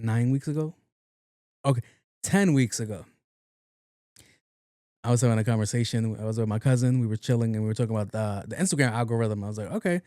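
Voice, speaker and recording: A man's voice: mid-range voice, mellow, dry recording, clean studio sound. A man hosting his own podcast in a casual, rambling, profane monologue, often repeating words playfully. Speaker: podcast host.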